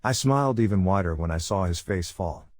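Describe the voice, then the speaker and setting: A man narrating a first-person horror story in a measured, brooding way. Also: low voice, expressive, darkish tone, no echo, studio quality.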